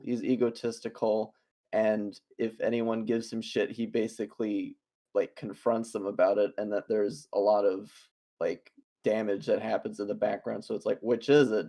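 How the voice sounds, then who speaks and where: A man's voice: mid-range voice, warm tone. A man co-hosting a podcast, sarcastic and profane, picking apart a video's claims. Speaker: podcast co-host. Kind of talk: casual critique chat.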